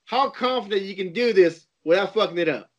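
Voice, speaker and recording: A man with a high voice, teasing his friends with quick questions in casual podcast chat. His sound is muffled and lo-fi. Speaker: podcast co-host. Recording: dull lo-fi sound.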